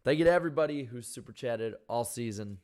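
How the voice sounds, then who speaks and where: A man co-hosting a casual podcast, his voice worn out and hoarse. He reads viewer super chats in a loose, halting way, stumbling and restarting mid-phrase, at an ordinary middle pitch. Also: animated, a little mellow.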